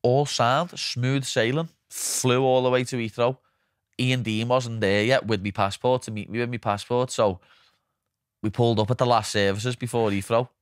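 A young man with a Liverpool accent, hosting a casual podcast chat and telling animated stories, swearing freely and acting out what people said. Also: mid-range voice, normal speed, no room sound, clean studio sound. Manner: animated anecdotes, swears freely, acts out quotes. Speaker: podcast host.

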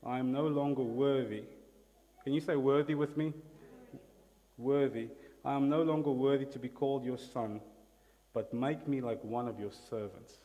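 A man's voice: medium pitch, steady tone, normal speed, pauses often, warm tone. Preaching man in a reverberant hall. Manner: emphatic, asks the congregation to repeat words. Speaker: pastor. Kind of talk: sermon. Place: church hall.

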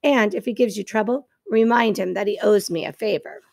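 A woman's voice: mid-range voice, a little fast, vocal fry, a little mellow, no room sound, clean studio sound, close to an everyday voice. A woman voicing a bossy, sensible female goose who speaks firmly and matter-of-factly in a storybook. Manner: firm and matter-of-fact.

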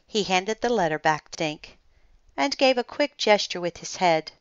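A woman reading a children's mystery book aloud in a calm, measured way. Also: medium pitch, smooth, no room sound. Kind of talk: read-aloud storytelling. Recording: slightly muffled dry recording.

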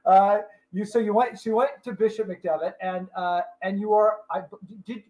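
A middle-aged man hosting a casual video-call interview, eager and quick to laugh. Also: high-pitched, fairly even intonation, dark tone, low-quality recording. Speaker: host.

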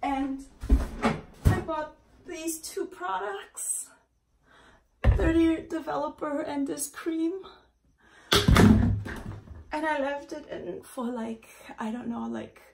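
A woman vlogging to camera in a panicky, breathy way, often close to tears. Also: high voice, slow pace, long pauses, dark tone, a little hiss or hum. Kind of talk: distressed casual vlog to camera. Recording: voice a little far from the mic.

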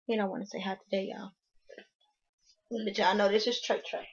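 Excitable woman recapping a show, lo-fi. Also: mid-range voice, moderate pace, pauses often, slightly rough. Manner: excitable storytelling, slangy, acts out quotes. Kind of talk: animated reality-show recap.

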